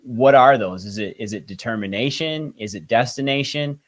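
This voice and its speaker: A man's voice: medium pitch, moderate pace. A man hosting a podcast, eagerly asking his guest questions. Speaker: podcast host. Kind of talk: interview questions.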